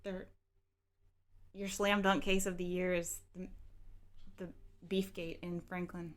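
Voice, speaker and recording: A woman's voice: on the low side, flat delivery, slow. A woman co-hosting a political podcast, teasing and sarcastic in casual chat. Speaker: podcast co-host.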